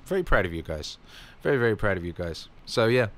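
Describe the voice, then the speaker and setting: Rambling, upbeat low-voiced man. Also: very animated, fast talker, a bit bright. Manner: rambling and upbeat, with many fillers. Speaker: music producer answering fan questions. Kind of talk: casual Q&A vlog.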